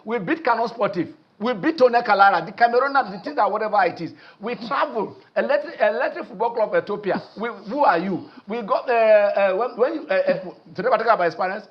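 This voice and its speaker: A Nigerian man hosting a sports phone-in show, excitable and repetitive, often trailing off mid-sentence. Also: high voice, highs cut off. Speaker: sports talk show host. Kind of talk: animated phone-in sports talk.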